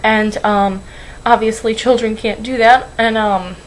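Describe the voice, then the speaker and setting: A woman's voice: on the high side, fairly even intonation, measured pace, slight background noise, low-quality recording. A young woman vlogging at home into a webcam, rambling and apologizing, anxious and close to tears. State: tearful. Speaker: weight-loss vlogger. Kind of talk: emotional webcam vlog.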